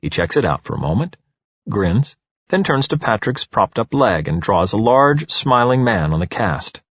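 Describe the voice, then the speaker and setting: Husky, expressive male audiobook narrator. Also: on the low side, moderate pace, no room sound, lo-fi sound. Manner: expressive, animated storytelling.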